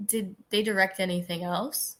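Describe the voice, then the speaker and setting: A woman co-hosting a casual film podcast, chatty and quick to agree, with frequent giggles. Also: mid-range voice, fairly even intonation, a bit bright. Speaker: podcast co-host. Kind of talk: casual movie review chat.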